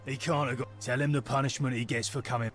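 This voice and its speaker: A man's voice: mid-range voice, fairly even intonation, fast, fairly bright tone, soft background music, natural voice. An actor playing a surly Roman man who answers in curt, grumbling lines. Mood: grumpy.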